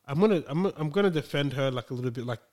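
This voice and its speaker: A man's voice: a little high, lively intonation, racing, a little mellow. Young man, hesitant rambler, casual chat. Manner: rambling, hesitant, lots of fillers.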